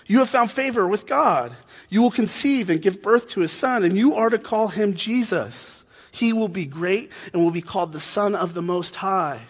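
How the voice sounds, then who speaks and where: A man preaching, voicing an awkward, socially stiff male angel who makes formal, stilted announcements. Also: high voice. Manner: formal, stilted, loud proclamations. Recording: long hall reverb.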